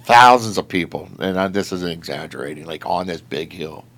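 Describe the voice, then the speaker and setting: A man's voice: sits low, normal speed, vocal fry. A man telling a story in casual chat, rambling with lots of filler words and laughing as he goes. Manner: animated, laughing while telling. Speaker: storyteller recounting patrol work.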